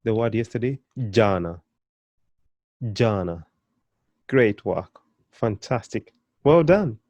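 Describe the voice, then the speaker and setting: A man teaching a beginner language lesson, praising learners often and repeating words slowly for them to copy, with sudden lively jumps in pitch and loudness. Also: no echo.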